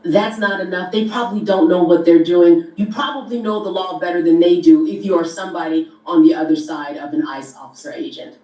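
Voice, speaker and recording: Woman, commentator, mellow tone, explaining steadily, echoey room, far from mic. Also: lowish voice, a little fast, few pauses. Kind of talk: legal commentary. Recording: roomy echo, distant from the mic.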